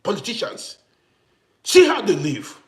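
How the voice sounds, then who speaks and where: A man's voice: sits high, wildly swooping pitch, a little slow. Impassioned ranting man from Africa. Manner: ranting, rhetorical questions, repeats himself. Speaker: vlogger. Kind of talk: impassioned monologue to camera.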